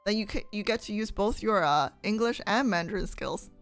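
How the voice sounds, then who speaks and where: A young woman streams and chats casually, reading out her viewers' comments and answering them. She laughs often and keeps turning to her audience with questions. Her pitch sits in an ordinary middle range. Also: expressive, a little fast, faint music behind.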